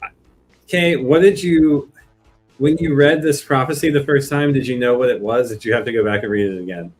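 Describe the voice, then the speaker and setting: A man's voice: mid-range voice, brisk, faint music behind. A man co-hosting a casual book podcast, asking questions and correcting himself. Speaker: podcast co-host.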